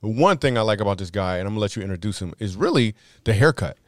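Man, podcast co-host, low voice, joking, casual banter, dry close sound. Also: expressive, racing, no room sound.

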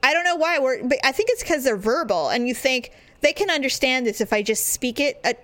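A middle-aged woman chatting casually about parenting, acting out quotes in sudden high voices. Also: fairly quick, no room sound. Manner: animated storyteller, acts out quotes in high voices. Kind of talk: casual chat.

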